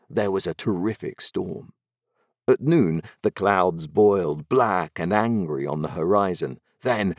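A man narrating a story aloud in an expressive, dramatic storytelling manner. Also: lowish voice, no room sound, studio quality.

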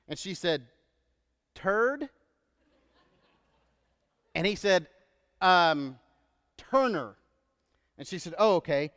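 A male pastor preaching a sermon in a relaxed, storytelling way, often checking in with "right?". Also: high-pitched, clean tone, big-room sound.

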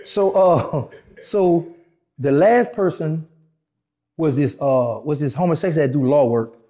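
A man's voice: on the high side, measured pace. A man in a casual interview, telling a long story and acting out the dialogue of the people in it. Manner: animated, acts out quoted dialogue in shifting voices. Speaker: interview guest.

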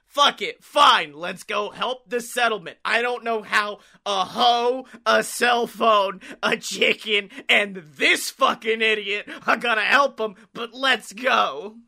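A podcast host telling an improvised comedy story in a rambling, profane, excitable way. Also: mid-range voice, takes it slowly, gravelly, hardly any pauses.

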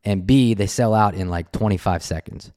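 A man hosting a podcast, telling a story in a casual, animated way and laughing often. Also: on the low side, normal speed. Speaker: podcast host.

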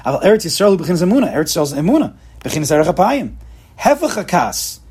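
A man teaches Torah in a slightly higher, husky voice. He speaks emphatically, circling back to the same phrases and weaving Hebrew and Yiddish terms into his English. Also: very animated, fast talker, darkish tone. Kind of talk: Torah lecture.

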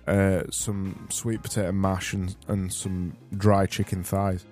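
A man's voice: deep voice, little pitch movement, normal speed, a little mellow, soft background music. A man with a Barnsley accent hosting a solo podcast, rambling and self-mocking as he reads out quiz questions. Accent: Barnsley, Yorkshire. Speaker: podcast host.

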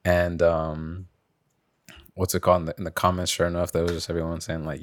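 A young man with a notably low, deep voice chats loosely on a podcast. He rambles through his stories with plenty of fillers, restarts and swearing. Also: monotone, brisk. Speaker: podcast host. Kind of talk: casual chat.

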